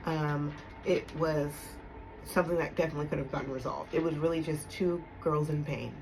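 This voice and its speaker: A woman's voice: low-pitched, steady tone, fairly quick, creaky, a little mellow, a little hiss or hum, low-quality recording. Woman telling a raw personal story. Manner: emphatic, punctuates with "okay?" and laughs. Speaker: storytime vlogger.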